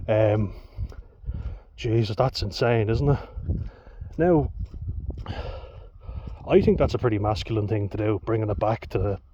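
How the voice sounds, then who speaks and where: A man's voice: lowish voice, measured pace, long pauses, mellow. A young Irish man telling a story in a casual, blunt way, swearing freely and laughing between lines. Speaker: vlogger. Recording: dull lo-fi with faint hiss.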